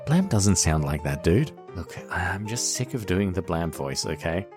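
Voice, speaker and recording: A low-voiced man hosts a comedy podcast, rambling through jokes and bits. Faint music sits underneath his voice. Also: sing-song, moderate pace. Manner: jokey, rambling, arguing with himself. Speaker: podcast host.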